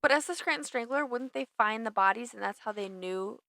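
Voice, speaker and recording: A young woman co-hosting a podcast, easygoing and thinking out loud in casual chat. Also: a little high, creaky, no room sound. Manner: easygoing, thinks aloud, quick to agree. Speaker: podcast co-host.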